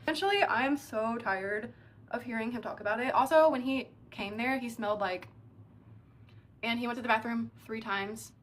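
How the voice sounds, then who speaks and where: A young adult woman telling a dating story in a casual, animated way, with lots of "like" fillers. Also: a little high, moderate pace. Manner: chatty, animated, heavy use of filler "like".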